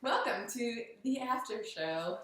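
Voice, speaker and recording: A woman's voice: on the high side, lively intonation, takes it slowly, fairly bright tone, recorded from a distance. Chatty woman recapping a hike, echoey. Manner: chatty storytelling. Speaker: hiker vlogger. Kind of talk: casual after-show commentary.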